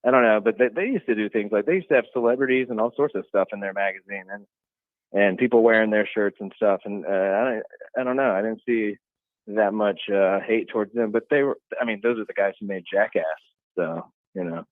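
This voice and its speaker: A man chatting casually over a remote link, relaxed and hedging his opinions with "I don't know". His voice comes through a narrow, tinny phone-like line, dry with no room around it. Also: on the low side, brisk, no room sound. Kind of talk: casual chat.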